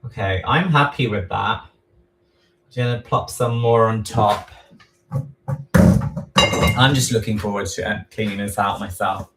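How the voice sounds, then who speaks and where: An unhurried man rambles his way through a home baking livestream, teasing himself about the mess, his speech scattered with ums. He sits back from the camera mic, so his middle-pitched voice comes across distant and roomy, with faint noise behind him. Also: fairly bright tone. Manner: slow, rambling, self-deprecating, many ums. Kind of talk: casual livestream chat while frosting a cake. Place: home kitchen. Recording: echoey room, voice far from mic.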